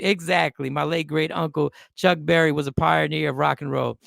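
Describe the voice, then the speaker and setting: A man hosting a radio talk show, animated and joking, with earnest turns. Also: fairly high pitch, normal speed, creaky, hardly any pauses, dry recording, studio quality.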